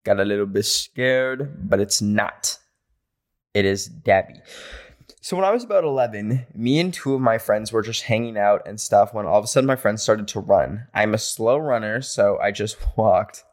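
A man hosting a podcast, reading listener stories aloud and reacting playfully with animated asides. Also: fairly low pitch, moderate pace. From rural area. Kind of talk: casual podcast chat.

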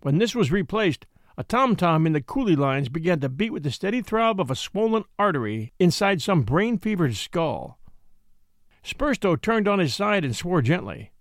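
A man narrating a story as an audiobook, in an expressive, measured storytelling manner. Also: high voice, no room sound, studio quality.

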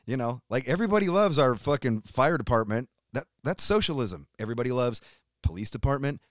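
A man's voice: medium pitch, animated, a little fast, no room sound, clean studio sound. A middle-aged American man, a guest on a podcast, ranting in emphatic, profane casual talk, swearing constantly. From United States. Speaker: podcast guest, metal musician. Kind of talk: heated casual rant.

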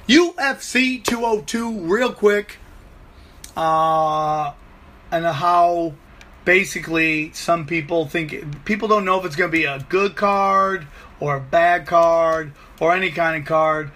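A man with a fairly high, bright voice rambles through a crude comic story. He swears freely and often jumps pitch for emphasis. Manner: profane, rambling, animated storyteller. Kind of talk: comedic rambling monologue.

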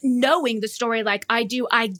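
A woman's voice: on the high side, normal speed, a bit bright, no echo. A woman co-hosting a podcast, eagerly recapping scenes in casual chat. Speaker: podcast co-host.

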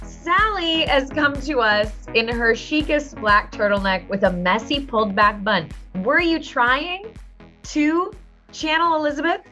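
Bubbly high-voiced woman podcast host. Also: unhurried, bright, forceful tone, soft background music. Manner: bubbly, playful, self-mocking. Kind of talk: casual chat. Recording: slightly dull lo-fi sound.

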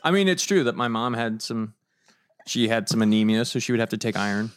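A man's voice: mid-range voice, animated, a little fast, clean tone, no room sound. A man co-hosting a podcast, teasing and blunt, asking pointed questions. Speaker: podcast co-host.

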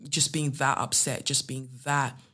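A woman talks through her podcast from her living room. Her voice is bright and forward. She chats in a loose, playful way, mixing jokes with earnest spiritual talk and a tarot reading. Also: a bass voice, unhurried. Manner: chatty, playful and animated, with spiritual asides. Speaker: podcast host.

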